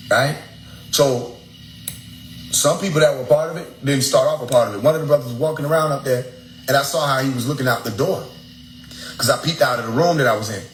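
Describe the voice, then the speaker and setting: A young man, casually lecturing a group in an animated, preachy way and swearing freely. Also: mid-range voice, normal speed, long pauses. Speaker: speaker addressing his followers. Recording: echoey room with faint ambient noise.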